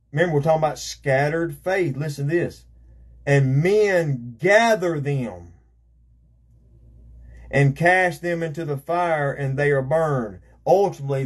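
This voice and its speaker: A man's voice: on the high side, darkish tone, husky. A man preaching a fervent sermon as an evangelist, repeating himself and calling out amen and praise God.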